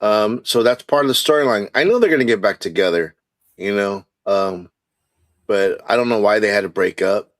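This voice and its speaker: A man's voice: fairly low pitch, normal speed, dry recording. A man on a podcast panel, talking in a meandering way with many ums and you-knows. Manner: meandering, lots of um and you know. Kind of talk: casual chat.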